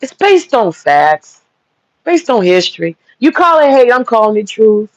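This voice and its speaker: A woman's voice: on the high side, sing-song, unhurried, no room sound. A woman hosting a livestream, ranting bluntly and heatedly, with a lot of profanity. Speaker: livestream host. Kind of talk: livestream rant. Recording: dull lo-fi dry audio.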